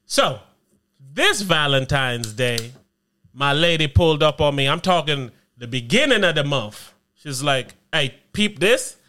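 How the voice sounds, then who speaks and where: A man in his thirties co-hosting a podcast, telling stories in casual chat and acting out other people's lines in his own high voices. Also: a little slow. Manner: animated storyteller, acts out quotes in high voices. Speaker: podcast co-host.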